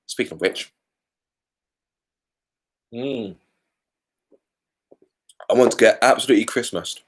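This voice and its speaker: A British man hosting a casual live Q&A from home, chatty and candid with colourful asides. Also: mid-range voice. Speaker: car YouTuber hosting a live Q&A.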